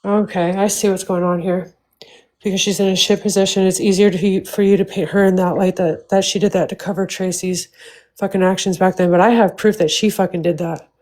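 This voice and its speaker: A woman's voice: mid-range voice, fairly even intonation, brisk, a little mellow, poor audio. A woman livestreaming, ranting at length in a heated, profane, repetitive way.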